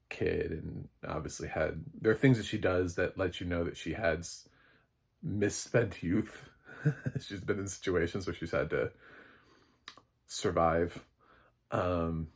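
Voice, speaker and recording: A man's voice: low voice, vocal fry, slightly rough. A man giving a casual, rambling spoken film review, chatty with lots of fillers. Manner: rambling and chatty, with many fillers and light laughs.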